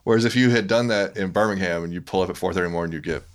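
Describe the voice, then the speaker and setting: A guest from South Louisiana, likely in his thirties, chats casually in a low, rapid-fire voice. He tells loose, profane stories and mimics other people's voices.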